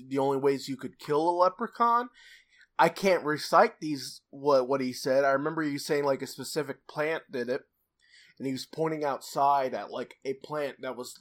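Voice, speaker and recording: Brief: young male podcast co-host, mid-pitched, loose rambling storyteller who laughs a lot. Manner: rambling, many restarts and fillers, laughs a lot. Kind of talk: casual storytelling chat.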